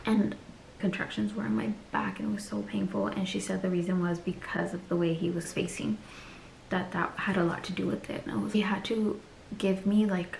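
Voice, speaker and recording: A woman's voice: fairly low pitch, creaky, a little mellow, reverberant, slight background noise. A woman vlogger telling a personal story in a candid, chatty way and acting out the people she quotes.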